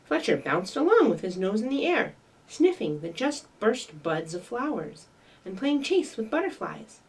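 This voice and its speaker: Lively woman reading story time, big pitch swings, mic set back. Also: measured pace, slightly rough, recorded from a distance, low-quality recording. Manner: bright, sing-song, animated. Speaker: children's librarian.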